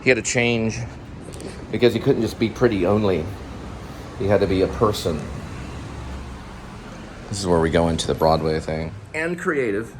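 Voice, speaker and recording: Man, vlog host, low voice, rambling anecdotes, faint car noise under him. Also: expressive, moderate pace, long pauses. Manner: rambling, name-dropping anecdotes. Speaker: vlog host, delivery runner. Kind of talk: casual rambling chat.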